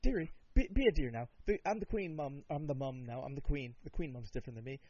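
A man putting on the voice of a fussy, demanding elderly British queen in a prim, quavering falsetto. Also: expressive, quick pace, dark tone, breathy edge, no room sound. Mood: imperious. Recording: dull lo-fi recording.

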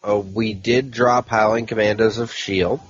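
A man's voice: fairly low pitch, fairly even intonation, measured pace, slightly rough, dry recording, lo-fi sound. A man co-hosting a comics podcast in casual chat, reading out titles and adding dry asides. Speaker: podcast co-host.

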